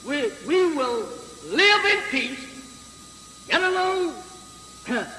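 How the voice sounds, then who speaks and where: A man with a very high, bright voice preaches to a live audience at a slow, deliberate pace. He often stops to ask the crowd whether he is right, and stumbles over fillers as he goes. The old recording carries a long hall reverb and steady background hiss. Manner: slow, emphatic, repeated rhetorical questions to the crowd; halting with frequent fillers and restarts. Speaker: religious leader addressing a crowd. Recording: echoey hall, noisy 1950s archive recording.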